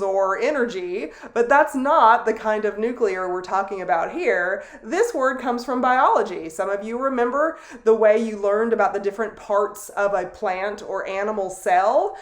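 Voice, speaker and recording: A middle-aged woman teaching a sociology lecture, explaining deliberately with asides and fillers. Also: mid-range voice. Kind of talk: recorded classroom lecture. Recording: roomy echo.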